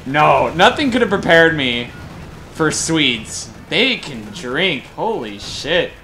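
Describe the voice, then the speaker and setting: A young man from Colorado rambles through excited anecdotes as a game caster, swearing freely in loose, casual chat. His voice sits a little higher than most men's. A faint background hiss runs under the recording. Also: slow pace. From Colorado, USA. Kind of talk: casual storytelling during a game broadcast.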